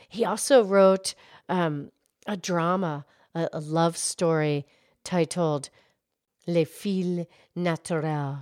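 A woman voicing a gentle female cow who calmly explains history on a children's show. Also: lowish voice, dry recording, studio quality. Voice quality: calm, explanatory, hesitant restarts. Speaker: co-host, explainer.

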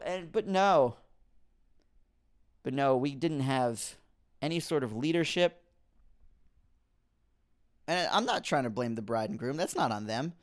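A man's voice: mid-range voice, a little slow, long pauses. A young man hosting his own podcast, rambling through a comedic rant and breaking off mid-thought before building to exasperation. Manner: rambling, self-interrupting, rises to animated exasperation. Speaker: podcast host.

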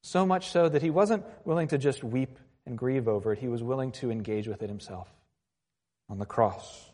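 A man preaching a sermon as a pastor, earnest, moving between quiet reflective lines and raised passages. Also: medium pitch, moderate pace. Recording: long hall reverb.

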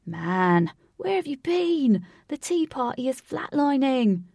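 A panicky young waiter, as a woman reader puts him on, crying out in urgency. The voice jumps high and loud against the narration, husky and gravelly, recorded dry. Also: sing-song, takes it slowly, no echo, exaggerated voice. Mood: alarmed. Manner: urgent, exclaiming.

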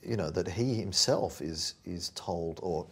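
Man, deep husky voice, academic discussion, searching, self-correcting. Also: measured pace. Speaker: podcast discussant.

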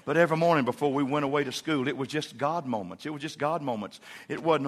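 A middle-aged man preaching a sermon, with folksy storytelling that swells into loud, emphatic preaching. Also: medium pitch, fast, hardly any pauses, noisy background. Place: church sanctuary.

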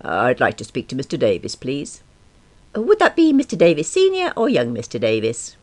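A woman's voice: very deep voice, wildly swooping pitch, moderate pace, heavily acted. A woman doing a testy male phone caller. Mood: polite.

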